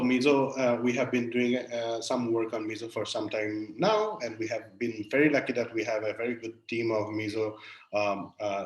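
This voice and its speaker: A man giving an academic webinar lecture, explaining step by step with many pauses and fillers. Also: mid-range voice. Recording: echoey room.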